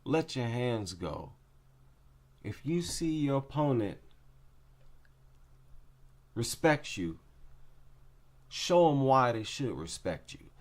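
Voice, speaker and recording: A man casually breaking down fights in an unhurried, drawn-out delivery. His pitch swings up and down a lot as he gives his opinions. He repeats his main points to drive them home. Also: very animated. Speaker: MMA commentator.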